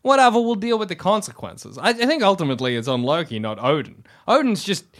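A man's voice: high-pitched, sing-song, fast. A man co-hosting a podcast in casual comedic chat, laughing often and joking around. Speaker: podcast co-host.

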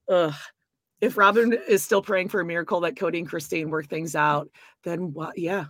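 Woman co-host, catty and mocking, low voice, dry recording. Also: fairly even intonation, normal speed, fairly bright tone, dry recording. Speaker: co-host reacting to a reality show. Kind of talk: casual reaction chat.

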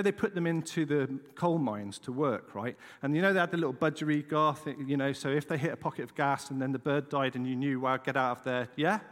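A middle-aged English man preaches in a lively storytelling way, checking in with the listeners as he goes. His voice sits a bit high for a man and rises and falls widely. A long reverb trails his words through the church hall. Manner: animated, dramatic storytelling with frequent "right?" asides. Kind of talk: storytelling sermon.

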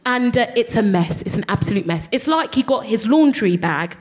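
A woman's voice: on the high side, normal speed. Woman telling a stand-up story on stage. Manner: animated, laughing, swearing. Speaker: comedian. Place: live comedy venue.

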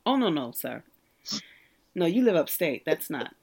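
Lively laughing Brooklyn woman. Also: low voice, unhurried, breathy edge. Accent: New York. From Brooklyn, New York. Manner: animated storytelling with frequent laughter and voiced quotes. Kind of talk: casual chat.

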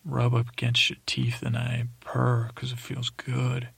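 A man voicing a rambling, flirtatious male cat knight in a meandering bedtime story for a sleep podcast, halting with many fillers. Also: mid-range voice, completely flat delivery, creaky, fairly bright tone, breathy edge, no room sound, heavily acted.

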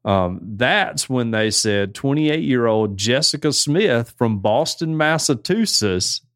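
A man's voice: medium pitch, animated, slow, fairly bright tone, no room sound, studio quality. A man hosting a casual podcast, reading odd news stories aloud and riffing on them with chuckles. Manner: laid-back, chuckling, reads headlines then riffs. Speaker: podcast host.

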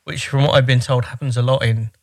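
A man's voice: medium pitch, steady tone, fast talker. Wry, rambling man in casual chat. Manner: rambling, many fillers, wry.

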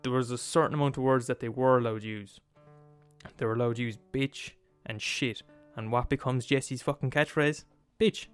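A man's voice: medium pitch, steady tone, moderate pace, smooth, soft background music. A man hosting a podcast, delivering a comedic rant full of swearing and emphatic repetition. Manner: profane, emphatic, laughs at his own points. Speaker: podcast host.

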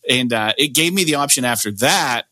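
A man's voice: mid-range voice, animated, moderate pace, bright, forceful tone, no echo. A man hosting a podcast in casual chat, rambling and cursing freely with lots of fillers. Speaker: podcast host.

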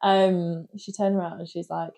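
A woman's voice: on the low side, normal speed, creaky. A woman co-hosting a podcast, telling stories in casual chat and laughing often. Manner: laughs often, animated storytelling. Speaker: podcast co-host.

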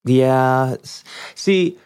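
A man co-hosting a podcast in casual chat, chatty and quick with asides, laughing often. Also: mid-range voice, a little mellow, smooth, dry recording, clean studio sound. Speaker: podcast co-host.

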